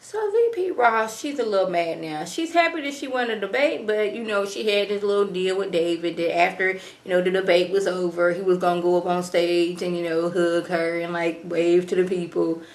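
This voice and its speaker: A woman's voice: on the low side, normal speed, hardly any pauses, reverberant. Chatty woman recapping a TV episode. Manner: chatty, slangy, animated retelling. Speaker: TV episode reviewer. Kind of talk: casual recap vlog.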